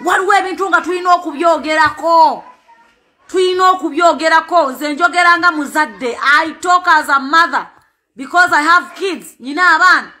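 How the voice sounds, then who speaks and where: High, bright-voiced Ugandan woman, impassioned. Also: a little fast. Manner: emphatic, repeats words, switches between two languages. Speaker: parent speaking out. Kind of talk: impassioned spoken appeal.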